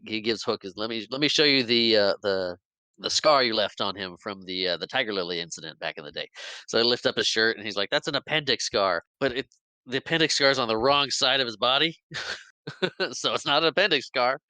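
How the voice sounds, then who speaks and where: Lively laughing male podcast host. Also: lowish voice, fairly quick, smooth, dry recording, rough recording. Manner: animated, laughs often, acts out lines. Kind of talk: casual chat retelling a film.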